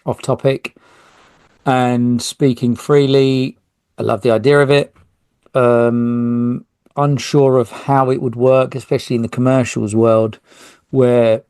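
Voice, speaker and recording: A man's voice: medium pitch, darkish tone, no echo. A man hosting a solo podcast, talking in a rambling, self-interrupting way with jokey asides. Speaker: podcast host.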